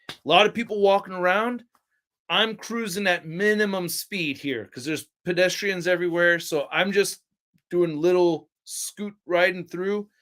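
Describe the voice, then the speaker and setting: With a high, slightly bright voice, a young man hosts a livestream, chatting casually and telling stories to his chat in a laid-back, slangy way.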